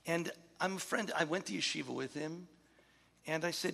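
A man's voice: fairly high pitch, fairly quick, vocal fry, fairly bright tone, big-room sound. A man in his fifties or older, a rabbi telling an earnest, impassioned story to an audience, sometimes sinking to a near-whisper.

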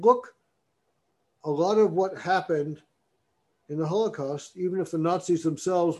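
A man's voice: fairly high pitch, darkish tone. A man giving a university lecture in a classroom, talking his way through a topic and reading passages aloud with emphasis.

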